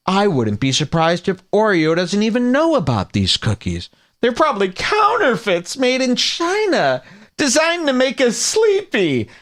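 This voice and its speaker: A man's voice: high-pitched, sing-song, unhurried, a bit bright. A man hosting a comedy podcast, ranting in a sarcastic, profane, mock-outraged way. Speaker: podcast host.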